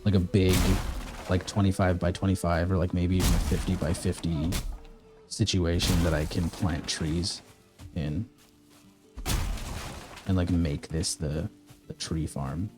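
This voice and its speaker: A man's voice: low-pitched, flat delivery, a little slow, long pauses, over music. A man from the American Midwest streaming a game, chatting casually and rambling while answering his chat. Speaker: live streamer.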